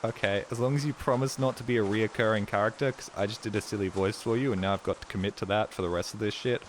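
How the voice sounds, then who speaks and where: A man's voice: fairly low pitch, steady tone, fast talker, slight background noise. A man streaming a game, rambling with crude, self-mocking jokes in casual commentary.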